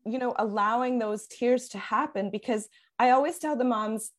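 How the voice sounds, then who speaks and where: A woman's voice: on the high side, normal speed. A woman working as a parenting coach, talking in a casual podcast conversation, earnest and explanatory, with frequent fillers and restarts.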